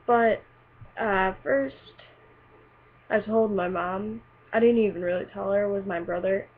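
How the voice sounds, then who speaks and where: A woman's voice: mid-range voice, steady tone, slow pace, long pauses, husky. A teenage girl telling a personal story in a casual, rambling way, full of fillers and likes. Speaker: vlogger. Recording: tinny lo-fi webcam audio with faint hiss.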